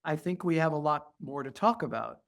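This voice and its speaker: A middle-aged man, a pediatrician guest, talking earnestly in an interview and softly acting out how he soothes children. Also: on the high side, lively intonation, brisk, vocal fry. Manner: earnest, acts out soft soothing asides to children. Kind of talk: conversational interview.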